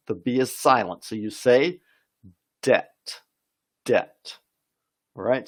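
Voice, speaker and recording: A man teaching an English vocabulary lesson on a live stream, reading viewer comments aloud and encouraging them. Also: mid-range voice.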